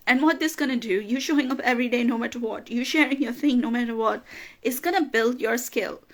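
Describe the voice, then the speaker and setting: Woman, business coach, motivational talk, emphatic, repetitive, slightly high pitch. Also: a little fast. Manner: emphatic, repeats phrases for emphasis; gets emotional, laughs through tears.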